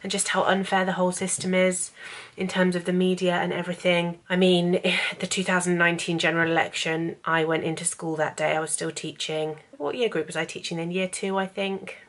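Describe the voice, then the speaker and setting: Low-pitched woman vlogging, chatty and candid, kinda teary and emotional. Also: little pitch movement, fairly quick, fairly bright tone. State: tearful, emotional. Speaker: vlogger and author. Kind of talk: casual talking-head vlog.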